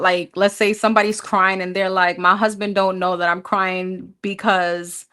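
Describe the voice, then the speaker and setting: A woman's voice: medium pitch, sharp tone. A woman giving a casual tarot reading, chatty and thinking aloud as she lists cards, with hesitant fillers. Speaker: tarot reader.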